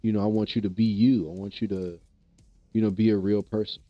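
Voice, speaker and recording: A man with a fairly low voice streams and chats loosely with his viewers, circling back and repeating himself as he talks. His voice sounds close and dry, with the slightly dull, lo-fi sound of stream audio. Faint game music runs underneath. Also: level tone, a little fast, no room sound. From American Midwest. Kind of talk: casual livestream chat with viewers.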